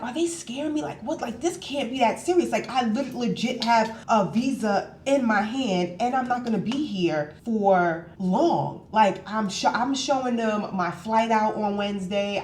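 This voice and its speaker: Animated woman vlogger telling a story. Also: medium pitch, echoey room, a little hiss or hum. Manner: animated storytelling, acts out both sides of the dialogue. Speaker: travel vlogger. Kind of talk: casual storytime chat. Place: hotel room.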